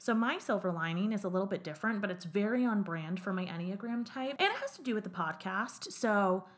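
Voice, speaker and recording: Young female podcast co-host, casual and candid, mid-pitched. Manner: candid, swearing, quotes others in run-on retellings.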